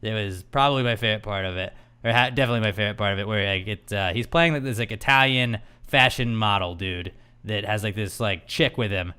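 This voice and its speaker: A man's voice: lowish voice, a little fast, pushed and bright, clear, resonant tone. A young man co-hosting a podcast, telling stories in laid-back casual chat with many fillers. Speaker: podcast co-host.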